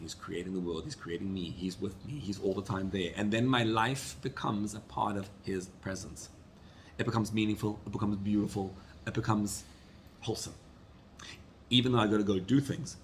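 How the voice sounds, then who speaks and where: A male rabbi giving an earnest, animated sermon. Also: lowish voice, slight background noise. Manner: earnest, animated storytelling with acted quotes.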